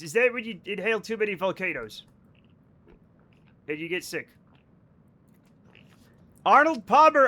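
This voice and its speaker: A man's voice: high voice, lively intonation, a little slow, long pauses, pushed and bright. A man chatting casually on a live game stream, joking and rambling, with plenty of swearing. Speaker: livestreaming gamer.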